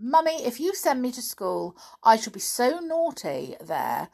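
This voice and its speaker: A woman's voice: on the high side, sing-song, unhurried, vocal fry, a little mellow, pitched above the performer's own voice, exaggerated voice. A woman voicing a spoilt, defiant little girl, pouting and wheedling for a storybook reading.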